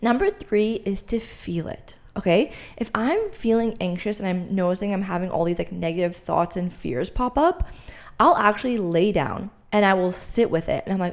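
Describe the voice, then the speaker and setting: A woman's voice: medium pitch, expressive, moderate pace. A young adult woman hosting a solo mindset podcast, teaching in a conversational way and checking in with "right?" and "okay?". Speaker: podcast host.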